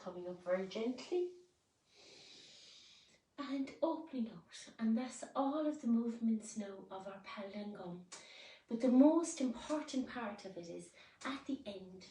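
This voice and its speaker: A woman leading a guided movement class, speaking gently and soothingly, with sudden loud playful roars. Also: mid-range voice. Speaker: movement and wellbeing instructor. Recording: roomy echo, voice from some distance.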